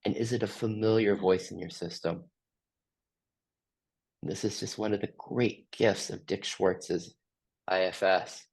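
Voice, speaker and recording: A man facilitating a group session, gently asking slow, open questions. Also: lowish voice, fairly even intonation, creaky, husky. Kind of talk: guided group reflection.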